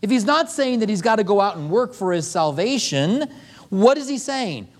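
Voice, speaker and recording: A male pastor preaching with a high voice that swoops over a wide pitch range. He acts out short back-and-forth dialogues within the sermon. His voice rings with the long reverb of a large hall. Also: moderate pace. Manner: animated preaching with acted-out dialogue.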